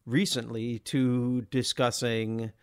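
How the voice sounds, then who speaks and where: A man's voice: medium pitch, level tone, slow pace, smooth. A man co-hosting a podcast, chatting casually and enthusiastically about a film, often laughing. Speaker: podcast co-host.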